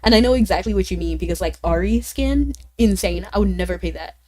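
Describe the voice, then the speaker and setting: A sick woman is livestreaming, reading viewer comments and chatting casually, her voice a little off. She talks at a medium pitch, fairly quickly, with a slightly mellow tone, rambling with plenty of "like" and little laughs.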